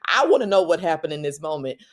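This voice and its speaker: Animated woman telling a faith story. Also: fast talker. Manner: animated, rising pitch when quoting others. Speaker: Christian parenting speaker. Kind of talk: personal testimony storytelling.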